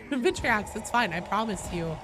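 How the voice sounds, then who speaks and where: Hoarse, coughing woman streamer. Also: medium pitch, animated, measured pace, heavy background noise. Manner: rambling, swears freely, self-mocking. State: hoarse, voice badly damaged; coughing between sentences. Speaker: game streamer. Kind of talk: casual livestream chat, answering chat.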